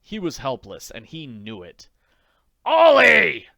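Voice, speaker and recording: A man reading an audiobook in an expressive narrating voice. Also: mid-range voice, moderate pace, dry recording. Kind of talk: scripted narration.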